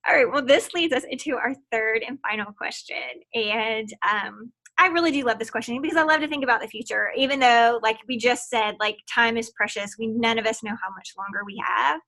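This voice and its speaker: Bright, supportive woman podcast host. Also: fairly high pitch, brisk, few pauses. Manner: supportive, affirming listener. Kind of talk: casual interview chat.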